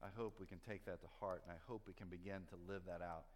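A man preaching a sermon to his congregation, telling a story with lively rises and then earnest, hushed appeals. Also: low voice, fast talker. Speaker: pastor. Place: church sanctuary. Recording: long hall reverb.

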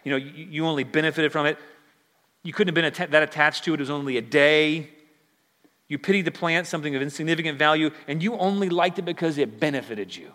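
A man voicing a calm, patient God. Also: on the high side, quick pace, long reverb tail, close to an everyday voice. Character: patient, reasoning God questioning a prophet.

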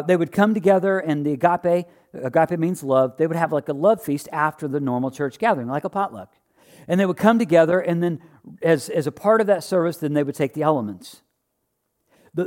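Man preaching a sermon, fairly high voice. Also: darkish tone. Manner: reads scripture aloud and asks the congregation questions; conversational, with restarts and emphatic rises. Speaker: pastor.

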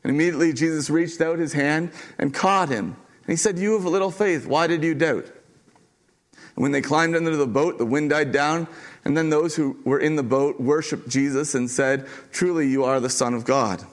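A man preaching a sermon to his church as pastor, earnest and emphatic, repeating key lines with dramatic pauses. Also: fairly high pitch, fairly even intonation.

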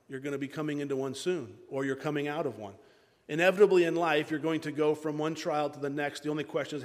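A man preaching a sermon as pastor, emphatic and repeating key phrases. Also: on the high side. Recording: long hall reverb.

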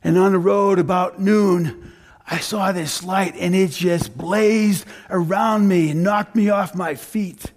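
A man's voice: high-pitched, steady tone, slow pace. A man preaching as the apostle Paul, telling in first person and with emphatic repeats how he became a believer. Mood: earnest. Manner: earnest first-person retelling, emphatic repetition. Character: apostle Paul, grown man, fervent former persecutor.

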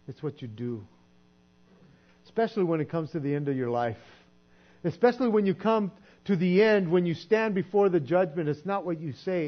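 A man preaching a sermon in a conversational way, sometimes acting out quoted voices and dropping to a soft hush. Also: fairly high pitch. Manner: conversational, acts out quoted voices, drops to soft hushed tones. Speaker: pastor. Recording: dull lo-fi sound with mains hum.

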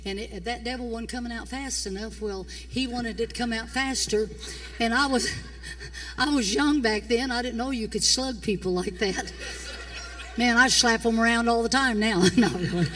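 An older woman pastor, preaching a fiery sermon. She swings between shouting and hushed tones in a folksy way. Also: on the high side, a little slow, far from the mic. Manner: folksy, repeats "come on". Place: church.

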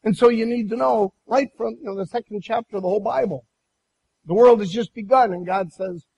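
With a husky, high-pitched voice, a male pastor shares a personal story during his sermon, animated and a little fast. He keeps starting phrases over, and the audio is poor.

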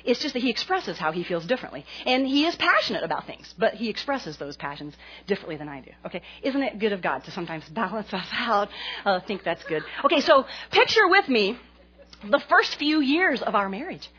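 A woman in her forties preaching a sermon to a congregation, an animated and self-mocking storyteller. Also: mid-range voice, brisk, muffled recording, slight background noise. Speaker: pastor's wife speaking to a congregation.

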